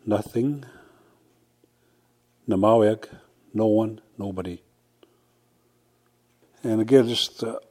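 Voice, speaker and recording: A man's voice: on the low side, mellow. A man teaching a language on a podcast, patiently saying each word several times over. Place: southern plains Cree area.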